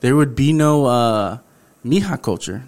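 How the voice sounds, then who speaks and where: A man from Houston, a musician guest on a podcast, chatting in a relaxed, slangy way and chuckling. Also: mid-range voice, unhurried. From Houston, Texas. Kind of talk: casual chat.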